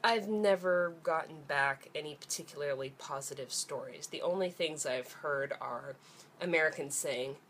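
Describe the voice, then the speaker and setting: A woman's voice: low voice, normal speed, a bit bright, slight background noise. A young woman, ranting angrily and sarcastically in a vlog, swearing freely. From Canada. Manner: angry, profane, sarcastic. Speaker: vlogger.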